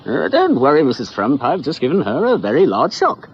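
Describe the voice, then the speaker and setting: A man's voice: fairly high pitch, wildly swooping pitch, fairly quick, dull audio, a little hiss or hum, pitched above the performer's own voice. A man doing a breezy eccentric doctor. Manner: breezy and matter-of-fact. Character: eccentric cheerful male doctor, unflappable.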